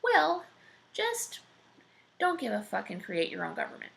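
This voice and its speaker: Woman doing a high sheepish giant king. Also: huge pitch swings, a little slow, vocal fry, a bit bright, full character voice. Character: huge clueless apologetic male giant king.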